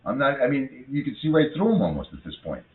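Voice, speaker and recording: A man's voice: medium pitch, big pitch swings. A man in his fifties in a rambling, swearing casual chat about politics. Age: 50s. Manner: rambling, swearing, quick to rant. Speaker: co-host. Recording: echoey room on a tinny phone-like line.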